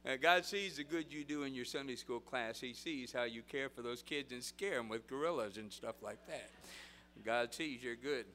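A man preaching a sermon in an animated storytelling way, repeating rhetorical phrases in a preaching cadence. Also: mid-range voice, moderate pace. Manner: animated storytelling, acting out voices and shouting.

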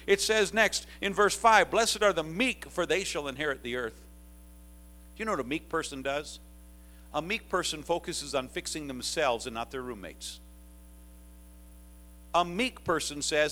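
A man in his fifties preaching a sermon to college students, moving from quiet reflection to loud, urgent pleading. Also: on the high side. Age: 50s.

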